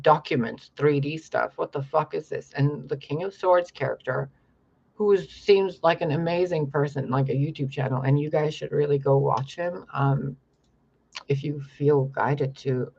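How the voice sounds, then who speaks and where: A man's voice: a little high, gravelly, dark tone, breathy edge, lo-fi sound. A young man talking in a rambling, profane monologue to camera about his spiritual visions. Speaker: spiritual vlogger.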